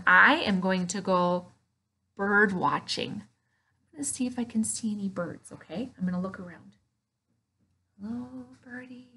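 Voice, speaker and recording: A woman teaching an online preschool Bible lesson, animated and playful, gasping in delight as she talks to small children. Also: on the high side, breathy edge.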